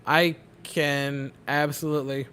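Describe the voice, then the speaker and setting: Young man, casual host, somewhat high voice, nervous and excitable running commentary, faint background hum. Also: a little slow. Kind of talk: casual chat. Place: home watch party.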